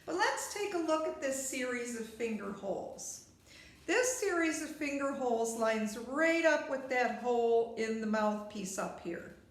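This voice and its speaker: A woman's voice: fairly high pitch, lively intonation, a little slow, heavy reverb. A woman teaching a beginner recorder lesson, patient and step by step, speaking straight to the viewer. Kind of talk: instructional video lesson.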